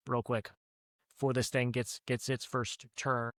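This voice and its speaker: A man's voice: medium pitch, level tone, a little slow, a bit bright, no echo. A man narrating as game master of a tabletop horror game, often restarting his words as he explains the scene.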